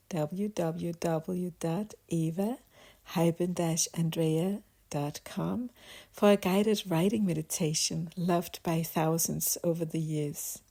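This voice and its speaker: A woman hosting a podcast interview, effusive and affirming, gently thanking her guest and speaking to the listeners. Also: on the low side. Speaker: podcast host.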